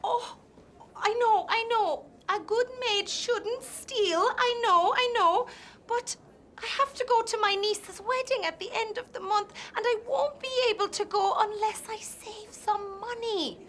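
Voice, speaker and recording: An actress playing an anxious, chatty housemaid in a TV sketch, talking in an earnest, confiding way. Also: female voice, extremely high pitch, a little slow, fairly bright tone. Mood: fretful. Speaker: sketch character. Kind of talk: comic TV sketch acting.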